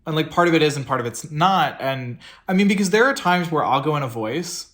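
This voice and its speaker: A man's voice: fairly high pitch, lively intonation, a little fast, a bit bright. A man co-hosting a podcast, talking in a casual, reflective way, rambling in fits and starts. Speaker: podcast co-host. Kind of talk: casual chat.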